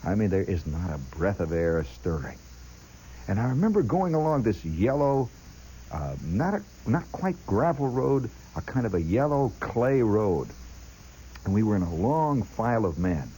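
Low husky guy spinning a yarn, voice swings all over, chatty, talks right at you and does little sound effects. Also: big pitch swings, moderate pace, dark tone, a little hiss or hum, low-quality recording. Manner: chatty, addresses the listener directly; imitates sounds with his voice. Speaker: storyteller. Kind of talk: spoken storytelling monologue.

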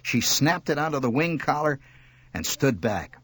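A man reading a story aloud, wry and expressive. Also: mid-range voice, moderate pace, no room sound. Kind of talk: scripted narration.

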